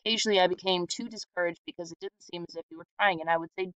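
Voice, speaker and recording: A woman's voice: lowish voice, fairly even intonation, rapid-fire, fairly bright tone, no room sound. Woman reading a story aloud, dry sound. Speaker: reader. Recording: dull lo-fi sound.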